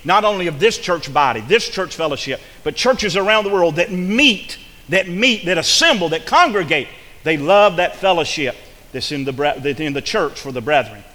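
Fervent preacher in a reverberant hall. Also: male voice, fairly high pitch, animated, normal speed, bright, forceful tone. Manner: fervent preaching with repeated phrases and restarts. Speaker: pastor. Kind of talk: sermon.

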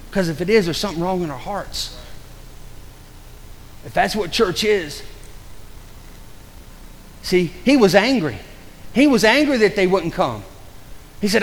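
A male pastor preaching a sermon, swinging between loud urgent passages and low hushed warnings, and acting out people's excuses in mocking voices. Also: animated, a little slow, pauses often. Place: church. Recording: long hall reverb.

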